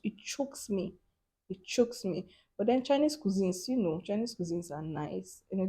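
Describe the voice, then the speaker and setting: A young woman, chatting animatedly in a casual vlog, laughing often and filling her talk with "like". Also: mid-range voice. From Africa. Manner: animated, laughing, lots of "like" fillers. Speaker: vlogger.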